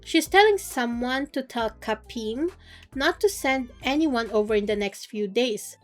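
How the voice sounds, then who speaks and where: A woman's voice: fairly high pitch, expressive, unhurried, soft background music. Playful slangy woman recapping a story. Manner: slangy, playful, joking paraphrase. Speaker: book recap youtuber. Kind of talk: casual chatty story recap.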